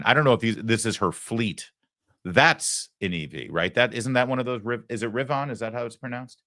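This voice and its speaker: A man's voice: on the low side, a bit bright, dry recording. A man hosting a political talk show, talking with sarcastic, mocking asides from a studio. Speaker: host.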